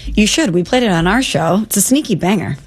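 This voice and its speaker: A woman's voice: mid-range voice, animated, a little fast, breathy edge. A woman hosting a casual sports chat in an upbeat, conversational way. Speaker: host.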